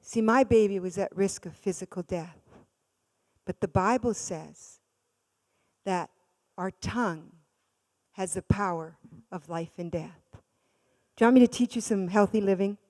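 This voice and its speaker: A middle-aged woman delivers a sermon as a storyteller, her voice leaping from loud, urgent bursts down to near hushes. Her voice rings out through a large church hall, with a long reverb trailing each phrase. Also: medium pitch, a little slow, long pauses. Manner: dramatic, swings from loud to hushed. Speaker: guest speaker.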